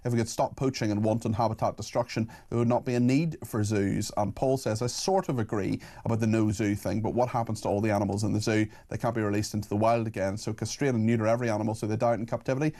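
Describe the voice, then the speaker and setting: A man hosting a talk radio phone-in, taking calls and briskly reading out listener messages. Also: on the low side, steady tone, mellow. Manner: brisk, reads messages aloud quickly. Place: radio studio.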